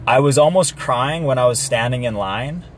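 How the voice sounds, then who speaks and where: A man's voice: medium pitch, moderate pace, slight background noise. A young man co-hosting a podcast, rambling and swearing casually, laughing as he talks. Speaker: podcast co-host. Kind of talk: casual chat.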